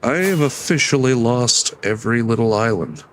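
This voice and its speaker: A man's voice: medium pitch, lively intonation, normal speed, fairly bright tone, slight background noise. A tired young man mumbling and rambling through casual gameplay commentary, with a nasal voice. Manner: mumbling, rambling, self-deprecating. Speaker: streamer.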